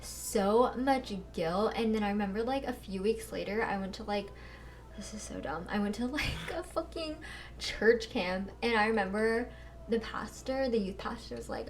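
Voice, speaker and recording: Young woman podcast co-host, chatty animated storyteller who swears freely. Sounds a little distant from the mic. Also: medium pitch, moderate pace. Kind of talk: casual chat.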